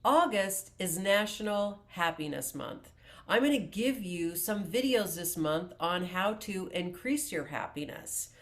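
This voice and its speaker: A woman life coach talking to camera in a self-help video, explaining calmly and deliberately with a few restarts. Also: lowish voice. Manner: calm, slow, deliberate explaining with filler restarts.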